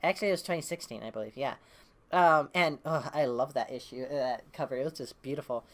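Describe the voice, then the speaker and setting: Lady with a low voice going over a comic issue, chatty, lots of ums and restarts. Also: quick pace. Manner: rambling, hesitant with many fillers and restarts; reads quoted dialogue in her own voice. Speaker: comic book reviewer. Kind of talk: casual retelling of a comic issue.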